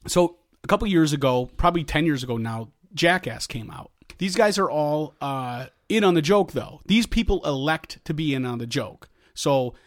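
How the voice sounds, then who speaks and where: A man's voice: on the high side, expressive, normal speed, hardly any pauses. A middle-aged man co-hosting a podcast, telling stories in a rambling, casual way with frequent restarts. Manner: rambling storytelling with many restarts. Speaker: podcast co-host. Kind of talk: casual chat.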